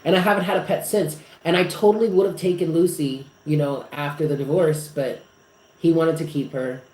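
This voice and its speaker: A man's voice: fairly high pitch, steady tone, fairly quick, darkish tone. Rambling man in an echoey room. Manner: rambling, emotional storytelling with many fillers. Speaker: psychic reader hosting a live stream. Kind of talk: casual live-stream chat. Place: apartment. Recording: echoey room with faint noise.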